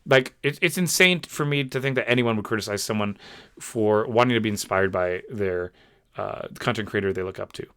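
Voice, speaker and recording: A man's voice: on the low side, brisk, fairly bright tone, clean tone, dry recording, clean studio sound. A young man hosting his own channel, giving a frustrated commentary rant with lots of fillers and repeated words. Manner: exasperated, repeats himself, many fillers.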